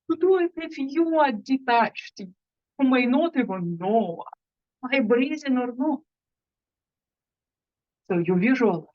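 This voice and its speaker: A woman's voice: medium pitch, dull audio. A woman speaker giving a guided self-hypnosis talk, leading the audience through breathing exercises. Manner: animated, leads breathing exercises.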